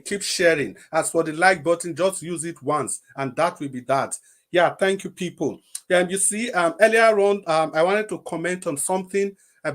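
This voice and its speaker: A Nigerian man hosting a livestream, giving impassioned political commentary and repeating phrases for emphasis. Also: mid-range voice. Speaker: livestream host. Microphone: livestream microphone.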